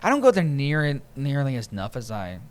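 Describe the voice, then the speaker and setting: A man's voice: mid-range voice, huge pitch swings, a little fast, a little hiss or hum. A young man hosting a podcast, rambling through casual stories and laughing often. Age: young adult. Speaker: podcast host. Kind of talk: casual chat.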